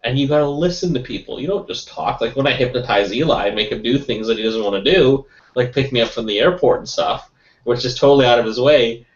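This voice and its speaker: A man giving a casual motivational sales talk, lively and often tagging on "right?". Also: medium pitch, fast talker. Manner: lively, keeps adding "right?", laughs often. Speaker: guest sales trainer. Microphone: webinar call mic. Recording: roomy, distant, dull call audio.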